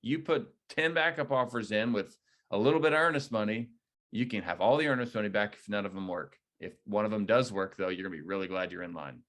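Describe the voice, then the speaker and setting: A man leading a real estate agent training, coaching in a direct, energetic way. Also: lowish voice, fairly quick. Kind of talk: training debrief talk.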